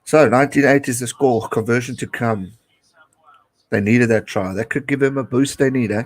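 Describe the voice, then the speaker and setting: A South African man in his late twenties hosting a casual live watch-along, chatting and cheering excitedly at the game. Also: medium pitch, normal speed, poor audio. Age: late 20s. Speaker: live-stream host.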